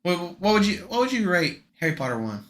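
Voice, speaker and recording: A man's voice: high-pitched, very animated, fairly quick. A young man co-hosting a podcast in casual chat, joking and rambling, laughing often. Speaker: podcast co-host.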